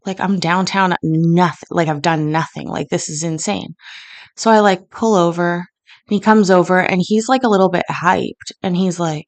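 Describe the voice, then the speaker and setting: A woman's voice: on the low side, normal speed. A Canadian woman in her thirties telling a rambling personal story in casual chat, with lots of fillers and restarts, at home in her kitchen. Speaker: host.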